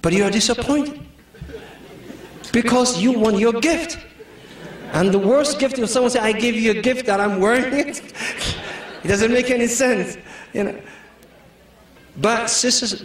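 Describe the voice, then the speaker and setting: Man, high voice, joking preacher style, recorded from afar in a big echoing hall. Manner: jokey, storytelling, full of "you know". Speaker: Islamic speaker. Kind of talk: humorous sermon to a community audience. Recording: echoey hall, mic far off.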